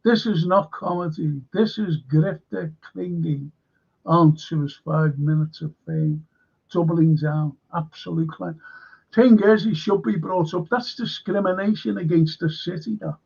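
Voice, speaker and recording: Reading his chat aloud, an older livestream host rambles on casually, using lots of fillers and saying things more than once. His voice is a little high, unhurried, and creaky, slightly rough and a bit mellow. The recording has dull, lo-fi stream audio.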